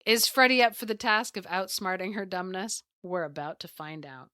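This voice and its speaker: Bright, animated podcast co-host woman. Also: medium pitch, moderate pace, clear, resonant tone, no room sound, clean studio sound. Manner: animated, laughing retelling. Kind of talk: casual storytelling chat.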